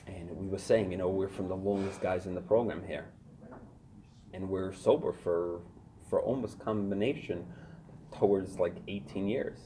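A lower-voiced middle-aged man speaks with driving intensity. He hammers his points home through repetition, like someone sharing hard truths at a recovery meeting. Faint noise sits underneath. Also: normal speed, dark tone. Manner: intense, repetitive, emphatic preaching tone. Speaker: recovery fellowship member sharing.

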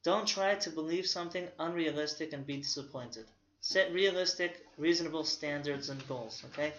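A man's voice: on the high side, normal speed, a bit bright. A man who works as a therapist gives an informal recovery lecture from slides, stopping after nearly every point to ask "okay?" and drawing on personal examples. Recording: roomy, dull lo-fi audio.

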